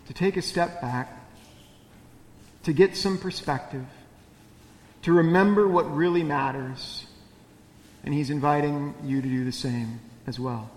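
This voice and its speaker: A man preaching a sermon in a relaxed, conversational manner, his voice sitting a little high for a man. He keeps turning questions back to the congregation. The sound is roomy, with a long echo from a large hall. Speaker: pastor.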